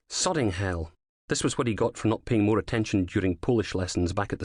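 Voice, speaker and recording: A man narrating a crime thriller audiobook in a measured, dramatic storytelling manner, on a close mic. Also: sits low, no echo.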